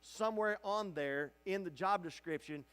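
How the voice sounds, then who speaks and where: A male pastor teaching a Bible study in a church sanctuary. His voice sits high, and he preaches with fervor, crying out at the peaks and falling to a hushed, tender hush when he comforts. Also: moderate pace, smooth. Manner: impassioned, swinging from loud cries to hushed, tender delivery.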